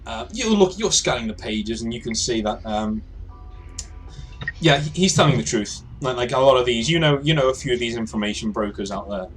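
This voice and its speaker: A man's voice: medium pitch, animated, fairly quick, soft background music. Man narrating a tabletop game. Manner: hesitant, many fillers and restarts. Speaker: game master.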